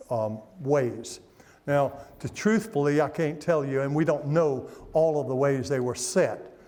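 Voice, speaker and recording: Older preacher guy, folksy stories, bit high voiced, echoey church hall. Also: a little mellow. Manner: folksy storytelling with laughs. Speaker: guest preacher. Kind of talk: sermon. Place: church sanctuary.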